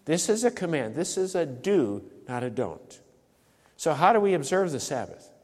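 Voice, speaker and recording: A pastor preaching a sermon, emphatic and repeating key phrases for stress. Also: male voice, a little high, very animated, moderate pace, darkish tone, in a large hall. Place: church sanctuary.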